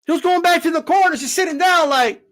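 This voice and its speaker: A man giving a casual, animated opinion rant as a boxing commentator, profane and full of fillers. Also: extremely high pitch, fast.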